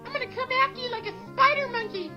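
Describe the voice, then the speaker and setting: A very high, squeaky puppet monster rants and swears in a rapid childlike voice. The clip sounds dull and lo-fi with music beneath it. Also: male voice, pushed and bright, full character voice. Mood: ranting. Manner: foul-mouthed rant, squeaky and rapid.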